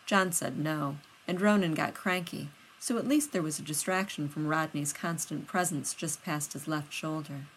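A woman reading fiction aloud as audiobook narration, steady and unhurried. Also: sits low, slight background noise, low-quality recording. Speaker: reader.

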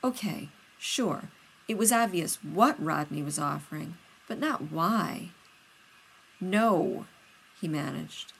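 A woman reading fiction aloud as audiobook narration, steady and unhurried. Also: sits low, creaky, husky, rough recording. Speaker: reader.

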